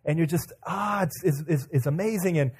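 A man's voice: a little high, brisk, warm tone, slightly rough. A man preaching a sermon in a conversational way, acting out inner thoughts as he tells stories. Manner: conversational, with many fillers and repeats.

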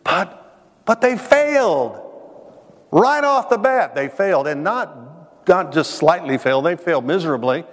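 A man's voice: on the high side, expressive. A man preaching to his congregation in a church, mixing scripture with a personal story, asking the listeners questions and repeating words as he builds to his points. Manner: conversational, addresses the congregation directly with questions; restarts phrases, dramatic pauses. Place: church sanctuary. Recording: reverberant hall sound.

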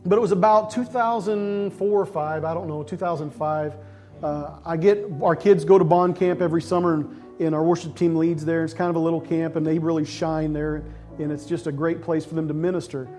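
A middle-aged male pastor telling a personal story in a sermon, acting out voices and sometimes shouting with excitement. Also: on the high side, fairly quick, soft background music. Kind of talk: sermon testimony.

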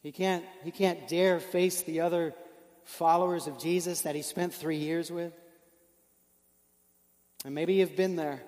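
A man's voice: a little high, a little mellow, long reverb tail. A man preaching a sermon, telling a story earnestly and building with emotion through rhetorical questions.

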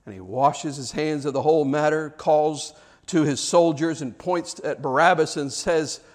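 High-voiced man preaching dramatically. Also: moderate pace. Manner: dramatic, swings from loud shouts to hushed near-whispers. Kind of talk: dramatic sermon storytelling.

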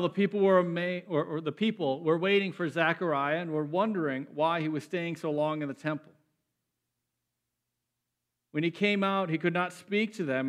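A man preaching a sermon, animated and emphatic, often repeating words as he builds up. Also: fairly high pitch. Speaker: pastor.

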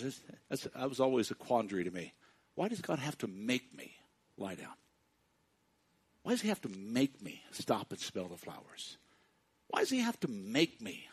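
A man preaching a sermon to his congregation, speaking directly to them and swinging between hushed and loud passages. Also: fairly low pitch, big pitch swings, moderate pace, husky. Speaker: pastor.

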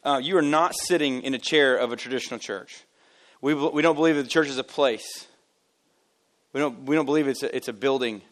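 A man's voice: mid-range voice, fairly quick. A man, the lead pastor, giving a casual, joking sermon to his congregation, telling stories and poking fun at himself. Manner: animated, joking, self-deprecating storyteller. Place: church service.

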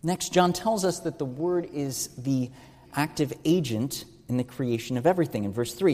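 A man's voice: medium pitch, normal speed, mellow, big-room sound. A man giving an earnest teaching sermon, stressing key words and asking rhetorical questions. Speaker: preacher.

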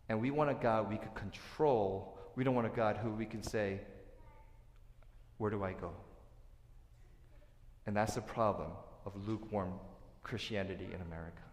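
A man preaching a sermon as pastor, earnest, dropping to soft asides and then rising to loud, emphatic points. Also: on the low side, normal speed, pauses often. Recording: echoey hall with long reverb.

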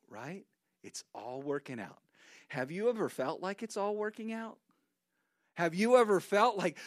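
A man preaching a sermon, telling a Bible story with lively acted-out quotes. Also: fairly high pitch, normal speed, dry recording. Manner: animated storytelling, acts out quotes. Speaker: pastor.

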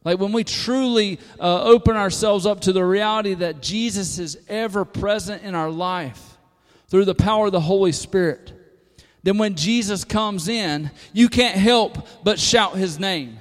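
A man preaching a sermon to a congregation, moving from hushed lines to loud, emphatic calls. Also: high voice, a little slow. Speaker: pastor. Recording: long hall reverb.

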